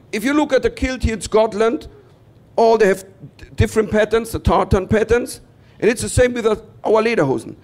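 A German man with a German accent performing a stand-up comedy routine in English, telling stories with mock-pompous, self-deprecating punchlines. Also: high-pitched. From Bavaria, southern Germany.

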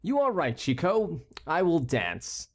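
A man voicing an impatient, moody male king in a storybook reading, speaking in a drawn-out way. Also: fairly high pitch, wildly swooping pitch, full character voice. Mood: wry.

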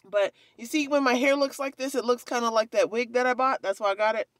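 A woman's voice: a little high, fairly even intonation, fast talker, no room sound. A woman vlogging casually at home, telling a clumsy story in a chatty, self-mocking way with casual swearing.

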